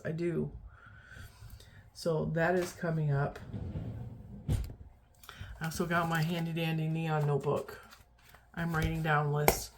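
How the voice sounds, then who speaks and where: Tired, low-voiced woman chatting casually. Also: a little hiss or hum. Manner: rambling, chatty, self-deprecating. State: tired, yawning. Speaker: vlogger. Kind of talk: casual chat.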